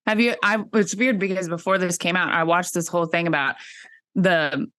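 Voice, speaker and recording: A woman's voice: fairly low pitch, fairly even intonation, normal speed, a bit bright, no room sound. A young woman co-hosting a podcast, talking loosely and profanely and trailing off into fillers. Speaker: podcast co-host. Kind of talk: casual chat.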